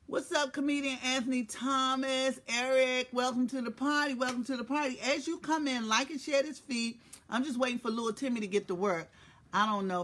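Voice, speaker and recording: A woman's voice: on the high side, a bit bright. A middle-aged woman hosts a casual morning live stream, teasing, profane and playful, greeting viewers by name. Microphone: phone or webcam live stream.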